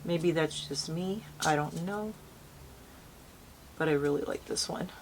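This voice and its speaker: A bubbly woman with a slightly low voice talks her viewers through a makeup routine while sitting outdoors. She rambles in a friendly, chatty way about what she is using as she goes. A faint hum of the open air sits behind her. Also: unhurried. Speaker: beauty vlogger. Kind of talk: casual makeup tutorial chat. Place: outdoors, breezy natural light.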